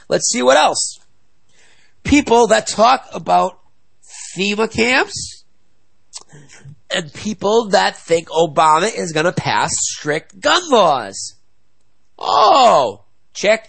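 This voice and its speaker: A young man rants angrily to his viewers in a fired-up political video blog, speaking to camera. His voice is high and a bit bright with vocal fry, and the recording is rough.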